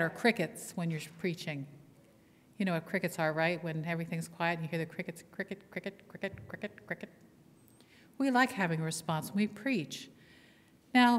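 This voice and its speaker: Woman pastor preaching in reverberant church. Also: on the low side. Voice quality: lively storytelling, playful call-and-response with congregation. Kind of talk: sermon. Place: church sanctuary. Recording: long hall reverb in church.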